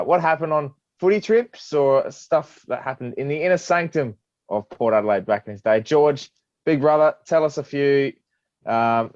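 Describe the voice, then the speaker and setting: A man's voice: medium pitch, darkish tone, no echo. A man introduces podcast segments loosely, with plenty of fillers. The recording is dry and a bit dull. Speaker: podcast co-host. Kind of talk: casual podcast hosting.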